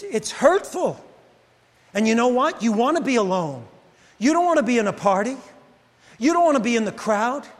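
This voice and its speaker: A male pastor preaching a sermon in a church, telling a story with lively delivery and addressing the congregation by name. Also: high voice. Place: church sanctuary. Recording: long reverb of a church hall.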